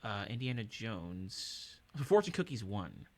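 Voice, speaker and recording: A man's voice: lowish voice, very animated, unhurried, darkish tone. A man hosting a casual livestream, upbeat and chatty with his viewers, chuckling often. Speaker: streamer and musician.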